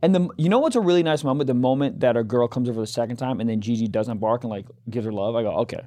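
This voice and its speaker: A podcast co-host engages in crude, casual banter, swearing and joking and slipping into brief mock voices. His voice is warm and medium-pitched, and he talks at a racing speed.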